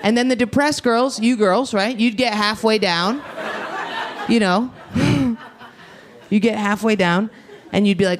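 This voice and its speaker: A woman performing a brash, fast stand-up set, talking with the crowd on a club stage. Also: mid-range voice. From United States. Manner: brash, rapid, often shouting and laughing. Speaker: stand-up comedian. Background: audience laughter.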